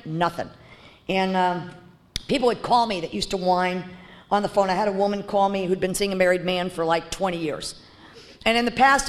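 A woman speaking bluntly and candidly as she shares her recovery story, with frequent fillers and restarts. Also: medium pitch. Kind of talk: personal testimony talk.

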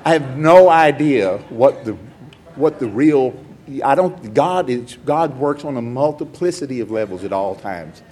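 A man's voice: mid-range voice, mellow, slight background noise. An older man giving a personal testimony at a recovery meeting, telling stories in a rambling, heartfelt, self-mocking way.

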